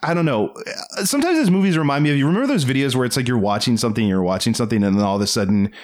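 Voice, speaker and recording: A man's voice: mid-range voice, animated, racing. A man talking casually about films as a podcast co-host, rambling with many fillers and frequent laughs. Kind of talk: casual film discussion.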